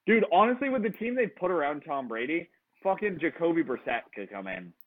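A man's voice: fairly high pitch, sing-song, a little fast. A man co-hosting a casual sports podcast who talks in a laid-back, casual way and swears freely. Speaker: podcast co-host. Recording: tinny phone-like line.

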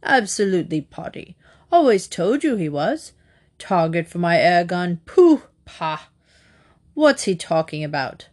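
A woman reading an elderly, muddled aristocrat from a comic storybook, airy and dismissive yet firm. He soothes and scoffs by turns with a lively, rising pitch. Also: normal speed. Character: vague, resolute elderly English earl.

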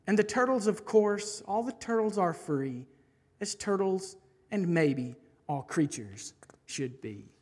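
A woman preacher reads a rhyming children's tale in a lively, rhythmic storytelling voice. Her pitch sits at a middle level, neither high nor low.

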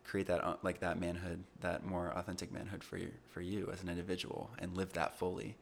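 Young male guest, low gravelly voice, earnest and reflective, faint room noise. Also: level tone, a little fast. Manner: earnest, reflective, many fillers. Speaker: podcast guest. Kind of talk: casual conversation.

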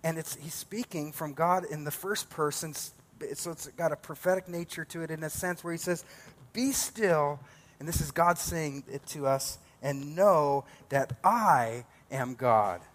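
A man's voice: a little high, normal speed. A male pastor preaching a sermon, building emphatic repeated declarations.

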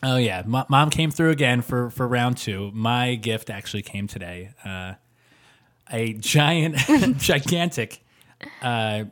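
A man co-hosting a podcast, telling animated stories with lots of fillers and quick laughs. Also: medium pitch. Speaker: podcast co-host. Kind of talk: casual chat.

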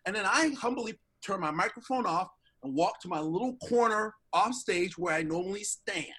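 Animated middle-aged male storyteller. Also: high-pitched, moderate pace, slightly rough. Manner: animated, acts out quoted voices. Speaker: interview guest. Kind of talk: casual storytelling.

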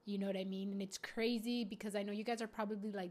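A woman's voice: medium pitch, little pitch movement, quick pace, darkish tone. A woman in her twenties talking candidly and profanely to her viewers about self-care and being a mom. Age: 20s. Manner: casual, profane, heartfelt. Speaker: vlogger.

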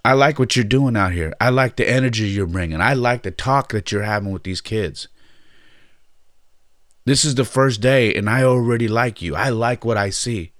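A man voicing an excited, gushing middle-aged woman who speaks emphatically, quoted in his story. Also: medium pitch, moderate pace, no room sound, studio quality, voice pushed up, natural voice. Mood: effusive. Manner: emphatic, effusive.

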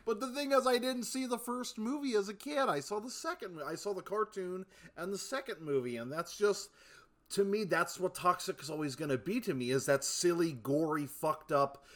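Excitable man in casual podcast chat. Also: high voice, moderate pace. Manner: excitable, laughs easily, swears casually.

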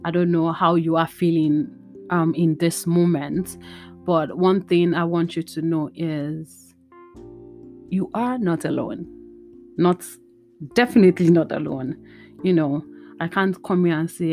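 A young woman speaks to her listeners in a personal, heartfelt monologue. Her voice sits a little low, and she talks in an open, chatty way with plenty of fillers. Faint guitar music plays softly behind her. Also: fairly even intonation, a little slow, long pauses. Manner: candid, emotional, chatty with many fillers. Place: her bedroom at home.

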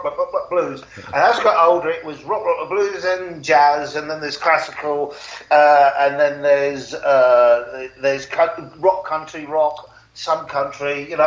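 A British man, a singer-songwriter guest, chatting casually and laughing at himself. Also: fairly high pitch. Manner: chatty, laughing, self-mocking. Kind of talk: casual chat. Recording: roomy, dull lo-fi sound.

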